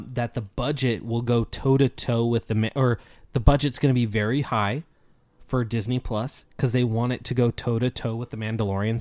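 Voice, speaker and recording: A man's voice: medium pitch, darkish tone. A man co-hosting a podcast, chatting casually and summarizing entertainment news. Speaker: podcast co-host.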